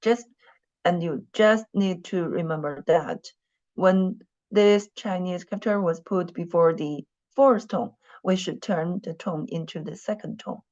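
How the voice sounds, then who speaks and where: A woman teaches a class, her voice sitting a bit low and moving at an unhurried pace. She repeats her phrases and fills the gaps with small fillers. The recording sounds dull and lo-fi. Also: a little mellow. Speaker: Mandarin teacher. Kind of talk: classroom lesson.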